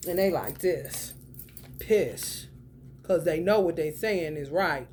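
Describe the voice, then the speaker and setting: A young woman giving a casual tarot reading, blunt and profane, full of slang, swinging from loud outbursts to low mutters. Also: slow, a little hiss or hum. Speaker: tarot reader.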